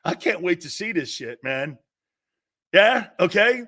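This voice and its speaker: A man with an East Coast American accent hosting a sports talk show, ranting loudly with profanity and frequent shouting. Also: high voice, very animated, measured pace. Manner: loud, profane, often shouting.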